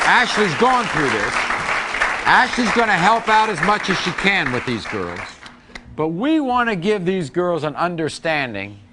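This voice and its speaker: A man hosting a television talk show, announcing guests with rising excitement. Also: on the high side, slight background noise. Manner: announcing, hyping up intros. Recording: studio music and cheering audience.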